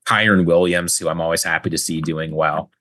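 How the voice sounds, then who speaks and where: A man in his twenties co-hosting a sports podcast, laying out steady, analytical points. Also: low voice. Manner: steady, analytical, makes points in quick lists. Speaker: podcast co-host.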